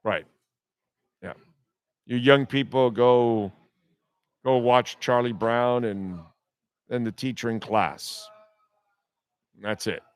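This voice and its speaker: Male sports talk host, heated profane rant, slow delivery, smooth voice, dry sound. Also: mid-range voice, no echo. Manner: blunt, heated, profane, repetitive jabs. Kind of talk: ranting sports talk monologue.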